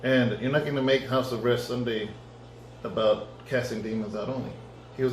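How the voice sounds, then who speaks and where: A man, a pastor, giving a conversational sermon testimony and acting out his own dialogue in lively storytelling. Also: medium pitch, normal speed, a little hiss or hum. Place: church. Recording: echoey room.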